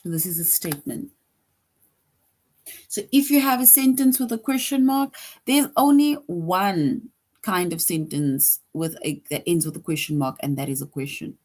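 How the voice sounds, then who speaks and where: A woman's voice: lowish voice, moderate pace, darkish tone. A woman teaching a grade school grammar lesson, patient, repeating each point and often checking in with "right?".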